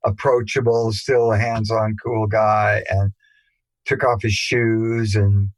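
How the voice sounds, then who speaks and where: An older man talks in a low, unhurried voice, recalling old times in a relaxed interview. He rambles and restarts his sentences often. The sound is dry and close to the mic. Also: no room sound, rough recording. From England. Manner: rambling, anecdotal, with frequent fillers and restarts. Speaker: musician guest.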